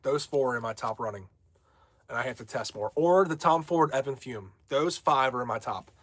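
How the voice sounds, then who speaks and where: A man's voice: medium pitch, expressive, moderate pace, fairly bright tone, no room sound. A young man hosting a casual livestream from home, brash and rambling as he reads viewer comments aloud. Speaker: livestream host.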